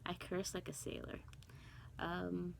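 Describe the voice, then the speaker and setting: A woman's voice: fairly low pitch, little pitch movement, takes it slowly, creaky, a little hiss or hum, low-quality recording. A middle-aged woman, born in Guyana and raised in Brooklyn, chatting casually to camera with lots of ums and asides. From born in Guyana, raised in Brooklyn, New York. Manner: chatty, rambling with many ums and self-talk. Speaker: cross stitch vlogger.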